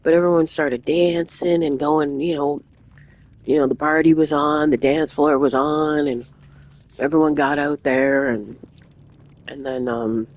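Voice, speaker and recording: A gaming streamer spinning a casual, meandering story for an audience. The delivery is animated and full of false starts and self-corrections, drifting from one aside to the next. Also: mid-range voice, unhurried, low-quality recording. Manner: rambling, animated anecdote with many restarts.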